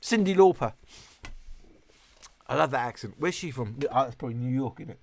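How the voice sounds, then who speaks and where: A man hosting a relaxed late-night livestream, rambling and a bit tipsy. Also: a little high, fairly quick, long pauses. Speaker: livestream host.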